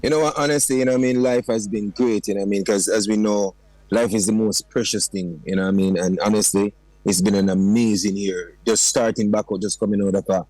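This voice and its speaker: A man with a Jamaican accent, a dancehall artist in a radio interview, who talks in an animated way, slips into patois and keeps saying "you know what I mean". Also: fairly low pitch, fast, no echo, rough recording. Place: radio studio.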